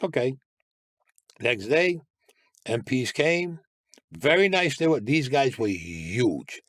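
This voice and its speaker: An older New York Italian-American man, a guest, tells his life story slowly, his mid-range voice fairly bright and swinging widely in pitch. He's blunt and swears, bringing the tale to life by voicing the people he quotes, on a dry, studio-quality recording.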